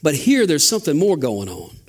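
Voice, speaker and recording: A man's voice: fairly high pitch, wildly swooping pitch, a little fast, a little mellow. A man preaching a sermon as a pastor, asking rhetorical questions and building emphasis. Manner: father.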